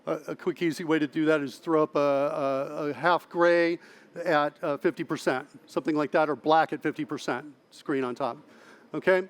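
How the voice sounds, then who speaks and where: A man with a fairly high voice presents a technical talk at a conference. He talks in a lively way, keeps checking in with his audience, and often restarts his phrases. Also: normal speed. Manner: lively, asks audience "right?" often, self-correcting restarts. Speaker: conference speaker. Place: large conference hall.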